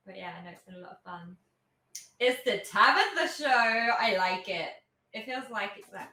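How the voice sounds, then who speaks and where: A bright, high-pitched woman hosts a game stream, her voice swinging up and down as she rambles and giggles. Her sparkling tone carries through an echoey room, with faint music underneath. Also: big pitch swings, slow pace. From United Kingdom. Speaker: host and game master. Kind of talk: casual stream chat.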